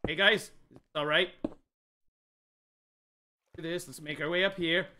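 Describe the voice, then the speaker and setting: A young man streaming a game live, jumpy and excitable, talking straight to his chat. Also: fairly high pitch, unhurried, pauses often. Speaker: gaming livestreamer. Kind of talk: live let's-play commentary.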